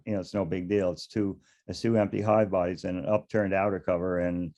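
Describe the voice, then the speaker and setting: A man's voice: deep voice, little pitch movement, a little fast, warm tone. An older man, a beekeeper and interview guest, telling stories casually in a rambling way, chuckling now and then and often restarting his sentences. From United States.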